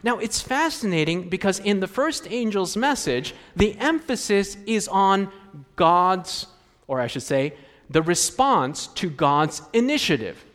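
Man, pastor, sermon, high-pitched, rhetorical questions, echoing hall. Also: sing-song, measured pace, fairly bright tone. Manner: conversational preaching with rhetorical questions to the congregation.

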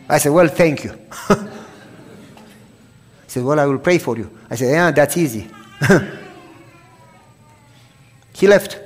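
A preacher from Romania with a Romanian accent, giving a sermon with personal testimony, dramatic, shifting from loud outbursts to hushed telling. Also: male voice, mid-range voice, animated, a little slow, pauses often, big-room sound.

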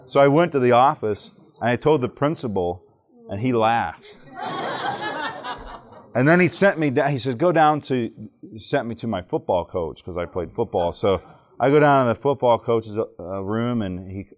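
With lively intonation and a mid-range voice at moderate speed, this Alabama man gives a church teaching talk to people gathered live. He's from the southern United States and plays the joking storyteller, constantly quizzing the audience.

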